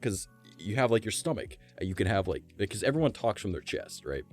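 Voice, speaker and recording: A man with a raspy voice chatting casually on a live stream, swearing freely and demonstrating how his voice moves between low and high. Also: sing-song, fairly quick, faint music behind.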